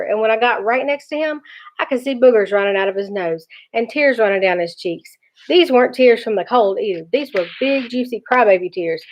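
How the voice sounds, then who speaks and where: Brief: teacher read-aloud, woman, expressive, higher voice, lo-fi sound. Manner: lively, expressive. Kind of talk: reading a children's book aloud. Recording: dull lo-fi recording.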